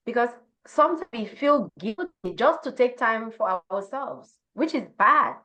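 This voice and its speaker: A woman chatting on a panel, telling lively stories and acting out what people said. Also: on the high side, a little slow. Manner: animated storyteller, slips into quoted voices. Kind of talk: casual panel chat. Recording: dull lo-fi sound.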